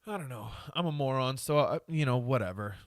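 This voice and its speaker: A man's voice: mid-range voice, lively intonation, fairly quick, no echo, clean studio sound. A man hosting a solo podcast, ranting crudely with lots of swearing and laughing at himself. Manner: self-mocking, laughs at himself. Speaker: podcast host.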